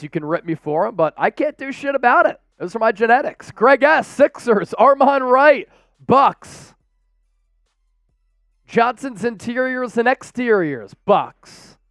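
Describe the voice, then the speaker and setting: A young man hosting a live sports stream, calling the plays and reading out chat shout-outs with energetic, excitable bursts. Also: extremely high pitch, dry recording, studio quality.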